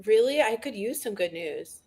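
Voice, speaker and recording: A woman's voice: on the high side, expressive, a little mellow. A woman co-hosting a comedic news podcast, candid and sarcastic in casual chat. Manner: candid, sarcastic, quick to laugh. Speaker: podcast co-host.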